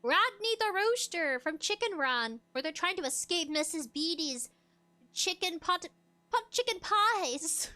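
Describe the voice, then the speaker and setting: Woman streamer with a high, sharp voice who giggles constantly in animated livestream chatter. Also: a little slow. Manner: giggly, animated, laughs often. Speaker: VTuber streamer. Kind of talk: casual livestream chat, reacting to a video.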